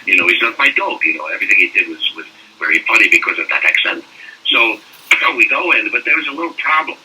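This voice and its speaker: An older man, a voice actor, telling animated anecdotes in a casual interview and slipping into mock French-accent bits. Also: lowish voice, fast talker, slightly rough. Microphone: phone call. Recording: distant phone-call audio.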